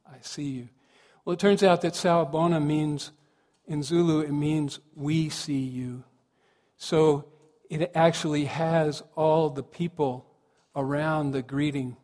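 A man giving a sermon as the minister, telling a story in a gentle way and dropping to a hush for quoted words. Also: on the high side, fairly even intonation, unhurried, long reverb tail.

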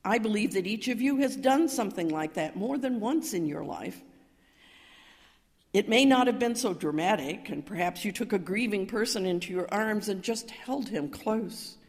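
An older woman minister telling a story in a sermon, calm and measured, rising to emphatic cries. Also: medium pitch. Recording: reverberant hall.

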